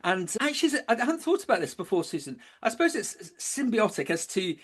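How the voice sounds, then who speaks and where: A man on a podcast talks with enthusiasm, often stumbling over and restarting his words as he tells stories. His voice is notably high for a man. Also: very animated, a little fast, fairly bright tone. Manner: enthusiastic storyteller, many restarts. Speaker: podcast guest, broadcaster. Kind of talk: podcast interview.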